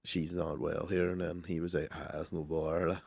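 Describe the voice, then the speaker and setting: A man's voice: low voice, little pitch movement, fairly quick, creaky, no echo. A young man co-hosting a podcast, telling crude stories in casual chat and laughing along. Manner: crude, laughing storyteller, drops to a murmur when quoting. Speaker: podcast co-host.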